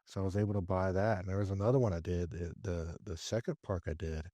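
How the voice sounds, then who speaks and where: A man as a podcast guest, telling a business story in a lively way and acting out his own dialogue. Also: low-pitched, fast talker, no echo. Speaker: podcast guest, real estate investor. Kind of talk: conversational storytelling interview.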